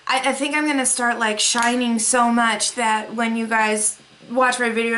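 Gushing, excitable young woman vlogger. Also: on the high side, normal speed, hardly any pauses, slight background noise. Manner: gushing, breathless exclamations, gasps. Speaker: beauty vlogger. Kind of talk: excited mail unboxing.

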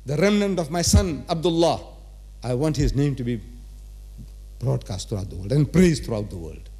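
A religious lecture in a large auditorium comes from a South African man whose mid-range voice carries a darkish tone. He leans on rhetorical questions, quizzing and teasing his live audience.

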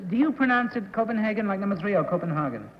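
A man's voice: sits high, lively intonation, rapid-fire. A man on a game show panel who teases the contestants with wry remarks. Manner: wry, teasing. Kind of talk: casual game show questioning. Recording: dull 1960s TV recording with hiss in a reverberant studio.

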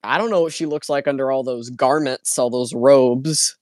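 A man's voice: medium pitch, moderate pace, dry recording. A man co-hosting a comedy podcast, laid-back and hesitant with dry asides. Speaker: podcast co-host. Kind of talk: casual chat.

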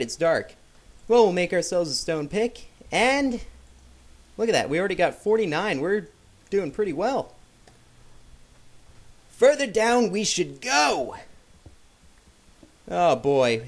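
A man casually commenting on his game as he plays, joking with viewers and yelping when startled. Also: on the high side. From Canada. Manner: excitable, jokey, yelps at sudden scares. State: sick. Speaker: gameplay commentator.

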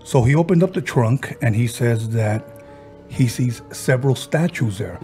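A man hosting a podcast, casually retelling a ghost story he heard and slipping into the voices of the people in it, with halting restarts. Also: mid-range voice, expressive, dark tone, soft background music. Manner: halting, with frequent restarts and fillers. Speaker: podcast host.

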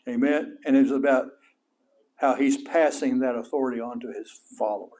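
In a sermon delivered at a moderate pace, a middle-aged pastor with a West Texas accent stays animated and folksy, sending his voice high for emphasis.

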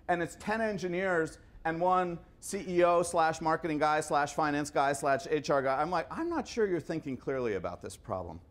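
A man in his fifties giving a conversational lecture full of anecdotes, often stumbling and repeating his words. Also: high-pitched. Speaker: guest lecturer. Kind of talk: storytelling lecture.

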